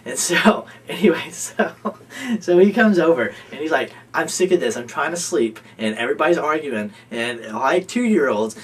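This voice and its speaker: A young man telling a story among housemates, animated, laughing often and acting out what others said. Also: fairly high pitch. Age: young adult. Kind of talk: casual storytelling. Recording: distant mic with faint background noise.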